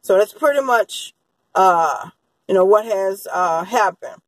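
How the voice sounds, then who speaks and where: A woman's voice: mid-range voice, lively intonation, takes it slowly, slightly rough, no echo, rough recording. A woman giving a rambling, unscripted crime-history monologue, full of fillers and restarts. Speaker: true-crime commentator.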